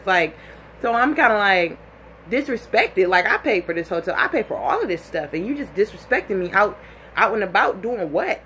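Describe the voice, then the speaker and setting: A young woman telling a personal story in a casual, animated way, full of "like" and acted-out quotes. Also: medium pitch, normal speed, a little hiss or hum.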